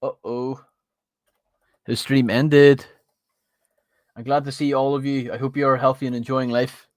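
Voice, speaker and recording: A man's voice: medium pitch, little pitch movement, measured pace, no room sound. Joking man co-hosting a livestream. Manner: joking, playful banter. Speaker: livestream co-host. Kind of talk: casual livestream chat.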